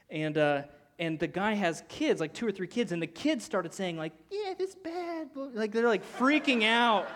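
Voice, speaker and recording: A man preaching, telling a personal story and acting out the people in it with lively swings of voice. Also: sits high. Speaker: pastor. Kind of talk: sermon story.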